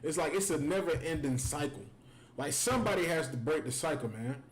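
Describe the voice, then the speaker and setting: A fairly high-pitched, expressive American man teaches scripture on a livestream in a brisk, angry, conversational way. His heated preaching is filled with "man," and the audio quality is poor.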